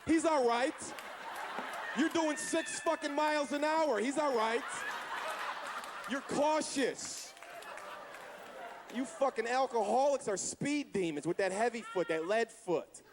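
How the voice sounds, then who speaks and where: A man's voice: very high-pitched, takes it slowly, pauses often. A man doing a stand-up comedy set on a club stage, brash and profane, baiting the crowd. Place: comedy club stage before a live audience. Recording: live club with audience and noise.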